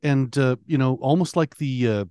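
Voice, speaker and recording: A man's voice: mid-range voice, warm tone, dry recording, studio quality. A man co-hosting a music podcast in casual chat, teasing and swearing, often restarting his sentences. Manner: profane, teasing, halting with many restarts. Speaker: podcast co-host.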